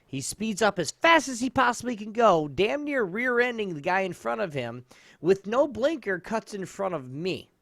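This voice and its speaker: A man's voice: sits high, normal speed, vocal fry, dry recording, studio quality. A man in his thirties co-hosting a casual comedy podcast, telling a story with plenty of swearing and laughter. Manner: animated storytelling, swears freely, laughs often. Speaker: podcast co-host.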